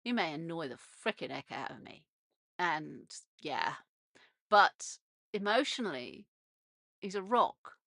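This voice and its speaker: A woman's voice: low-pitched, sing-song, slow, creaky, long pauses, a bit bright, no room sound, clean studio sound. A British woman hosting a casual radio monologue from a narrowboat, chatty and meandering, with frequent restarts and little laughs. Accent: British English. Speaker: radio show host. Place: narrowboat on a canal.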